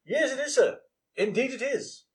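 An actor playing a prim, deadpan assistant detective in a comedy sketch. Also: male voice, extremely high pitch, moderate pace, rough recording. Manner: deadpan, evasive. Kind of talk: live comedy sketch reading.

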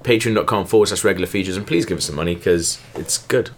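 A man's voice: deep voice, fast talker, a little hiss or hum. A man co-hosts a comedy podcast in a jokey, teasing tone. Faint background ambience sits under his voice. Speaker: podcast co-host. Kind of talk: casual podcast banter.

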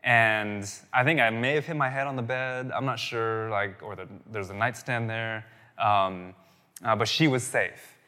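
A pastor in his thirties preaches in a chatty, storytelling way, often checking in with "right?". His voice is bright and forward. The sound rings out in a large church hall with a long reverb. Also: medium pitch, measured pace. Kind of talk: sermon.

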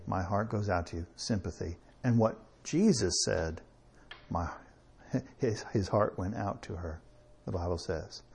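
A man preaching a sermon in a conversational way, with chuckles and slow emphatic pauses. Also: fairly low pitch, gravelly, darkish tone, breathy edge.

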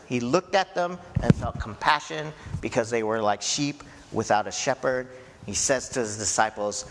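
A man preaching a sermon in a slow, conversational way, often checking in with his listeners. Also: medium pitch, fairly bright tone. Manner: slow, conversational preaching with frequent "right?" and "you know". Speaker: pastor. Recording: echoey hall with faint ambient noise.

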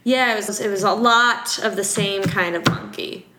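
A woman's voice: mid-range voice, normal speed, a crowd in the background. A woman in her thirties from Wisconsin, a guest on a casual interview podcast, telling stories in a chatty, rambling way and laughing easily. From Madison, Wisconsin, US. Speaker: guest, art curator. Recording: roomy room echo.

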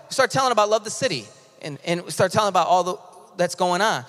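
A man preaching as pastor in a casual, impassioned sermon that swings between loud and hushed, with frequent restarts. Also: high voice, expressive, quick pace. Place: church sanctuary. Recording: long reverb of a large hall.

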